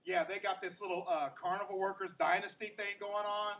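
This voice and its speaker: A young man from Kansas doing animated stand-up, teasing the crowd and repeating his punchlines. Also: high voice, brisk, recorded from a distance, low-quality recording. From Kansas, USA. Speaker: stand-up comedian. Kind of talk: stand-up comedy. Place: comedy stage.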